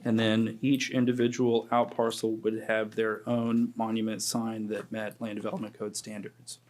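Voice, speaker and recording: Man, low voice, flat delivery, measured, explaining county code. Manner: measured, precise.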